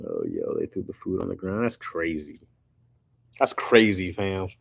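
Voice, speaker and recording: A man's voice: low-pitched, huge pitch swings, unhurried, creaky, slightly rough, no echo. A man hosting a casual live stream, talking loosely and jokingly with slang while reacting to viewer comments.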